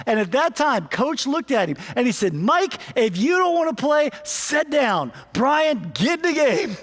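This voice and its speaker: A man's voice: high voice, in a large hall. A man preaching a sermon as pastor, telling stories and moving into earnest appeals. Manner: storytelling, shifts from lively anecdote to earnest preaching. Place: church sanctuary.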